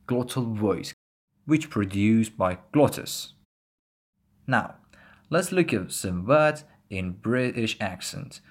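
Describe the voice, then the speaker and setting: A man with as his teaching English pronunciation. He speaks with grammar slips and repeats each example word several times. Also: fairly low pitch. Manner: slow, repeats example words many times. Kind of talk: pronunciation lesson.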